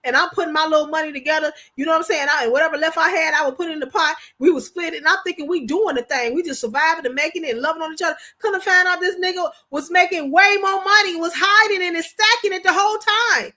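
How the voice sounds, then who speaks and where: A woman's voice: extremely high pitch, quick pace, few pauses, pushed and bright. A woman hosting a livestream, talking casually and emphatically, often repeating herself for effect. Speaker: livestream host.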